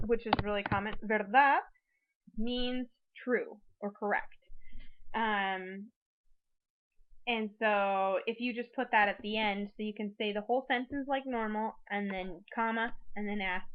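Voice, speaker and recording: A woman's voice: medium pitch, normal speed, a little hiss or hum. Chatty woman teaching a lesson, lo-fi. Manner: chatty, explains with many examples. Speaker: Spanish teacher. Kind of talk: recorded lecture for students. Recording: dull lo-fi recording.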